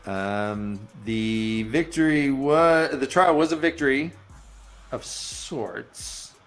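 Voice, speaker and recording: A man's voice: mid-range voice, slow pace, faint music behind. A man casually recapping book chapters on a chat show, loose and joking, sliding into playful character voices and crude asides. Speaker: podcast host recapping chapters.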